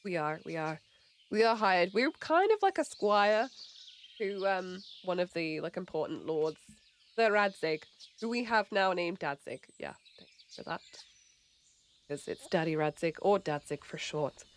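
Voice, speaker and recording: A woman's voice: on the low side, expressive, measured pace. A woman with a light English accent, chatting casually on a livestream, laughing often and mumbling a bit. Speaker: streamer.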